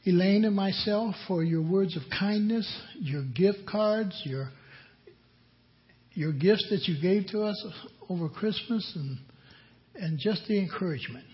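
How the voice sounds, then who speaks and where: An older man preaching a sermon as pastor, slow and emphatic, repeating his key lines. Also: sits high. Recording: dull lo-fi audio.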